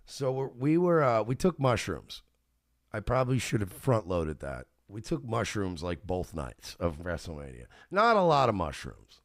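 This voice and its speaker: A man with a fairly low voice tells a rambling story on his radio show. He is animated, swears freely and breaks into laughter. The recording is dry and close, with no room sound. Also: normal speed, dry recording. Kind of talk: casual storytelling.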